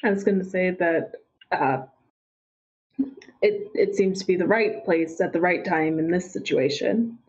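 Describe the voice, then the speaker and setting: A woman's voice: lowish voice, unhurried. Woman, tabletop player, polite, hesitant, muffled recording. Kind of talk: tabletop role-play.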